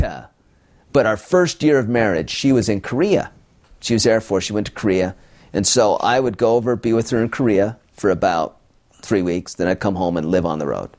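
A middle-aged man from Utah, a stand-up comedian, telling wry bits with punchlines, then chatting in an interview. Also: moderate pace. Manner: animated, wry, pitch swooping up on punchlines.

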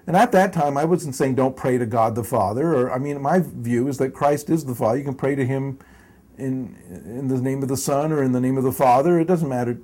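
An older man recounting memories at length, his voice husky and mellow with a soft, breathy edge. He wanders and corrects himself mid-sentence, with little chuckles woven through the telling. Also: medium pitch, fairly quick. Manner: rambling, self-correcting, chuckles while telling stories. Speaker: interview guest. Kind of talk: storytelling in a long interview.

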